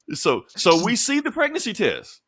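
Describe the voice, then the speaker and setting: A man's voice: sits high, bright, forceful tone, no echo, clean studio sound. Laid-back man recapping comics. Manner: laid-back, profane, recaps comics with quick put-on quotes. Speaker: podcast co-host. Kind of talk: casual comic book chat.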